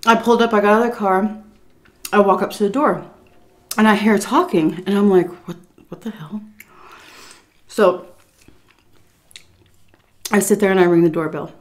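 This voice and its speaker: A woman telling a casual story at her dinner table at home, chatty and full of "like" and "um", pausing now and then to eat. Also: medium pitch, fairly even intonation. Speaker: YouTuber telling a story while eating. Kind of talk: casual storytelling over a meal.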